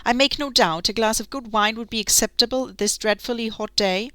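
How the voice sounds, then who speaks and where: A woman's voice: a little high, fairly quick, bright, forceful tone, no room sound. A woman voicing an eager, obsequious middle-aged male innkeeper in a storybook reading.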